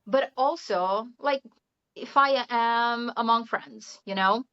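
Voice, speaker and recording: As a casual interview guest, a Brazilian English teacher speaks English with a Brazilian Portuguese accent, laughing often and saying "you know" repeatedly. Her fairly high voice is sharp, clear, and resonant, and she speaks at a slow pace. It's a muffled, lo-fi recording.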